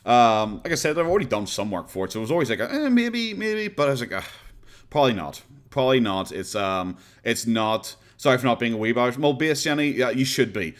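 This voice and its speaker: An Irish man chatting on a live stream, rambling from one thought to the next. His voice sits at a middle pitch, and his tone is sarcastic and loose. He laughs easily as he talks. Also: expressive, fast talker, few pauses. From Ireland. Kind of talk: casual live-stream chat.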